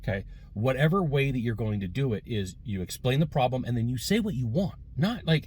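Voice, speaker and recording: A man's voice: medium pitch, big pitch swings, a little fast, background noise. Rambling male sales trainer telling a story. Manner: casual, rambling, many fillers and restarts. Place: in a car.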